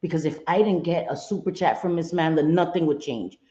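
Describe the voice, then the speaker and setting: Middle-aged woman hosting a live stream, chatty and expressive, roomy slightly dull sound. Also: low-pitched, fairly quick. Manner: chatty and expressive, greets viewers by name, swings from sweet to fired up. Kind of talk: casual live chat reading viewer comments.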